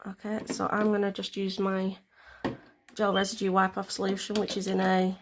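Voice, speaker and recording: Chatty woman, flat voice. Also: mid-range voice, normal speed, noisy background. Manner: chatty, rambling, many fillers and restarts. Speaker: nail tutorial vlogger. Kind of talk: casual step-by-step tutorial.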